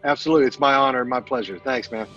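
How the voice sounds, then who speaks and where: A man, a military veteran, giving a remote interview in a halting way with many fillers and restarts. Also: medium pitch, fairly even intonation, fairly bright tone, highs cut off, soft background music. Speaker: veteran guest.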